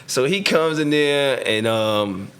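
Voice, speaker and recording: A man guesting on a podcast tells a story in loose, slangy talk. He is animated and acts out the people he quotes. His pitch sits in the middle range. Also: takes it slowly, a crowd in the background. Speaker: podcast guest, former football player. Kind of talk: casual storytelling in a podcast interview.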